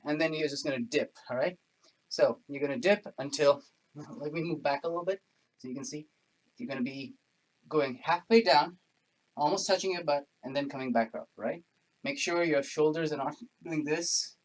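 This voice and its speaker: A man leading a workout class, panting from the exercise and chatting and joking through the effort. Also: medium pitch. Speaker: fitness instructor. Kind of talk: home workout class instruction.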